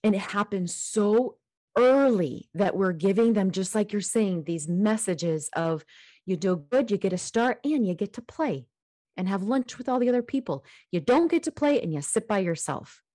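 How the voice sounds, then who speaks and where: A woman co-hosting a casual podcast, telling stories in an animated, emphatic way. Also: mid-range voice, moderate pace, no room sound, studio quality. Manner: animated storyteller, emphatic, emotional. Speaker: podcast co-host.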